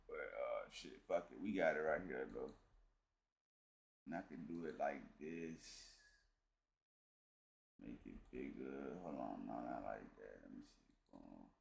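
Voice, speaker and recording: A man's voice: rumbling low, lively intonation, takes it slowly, creaky, pauses often, reverberant, a little hiss or hum. A man muttering to himself while fiddling with a livestream setup, distracted and profane. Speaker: livestream host setting up stream. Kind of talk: muttered casual talk to himself.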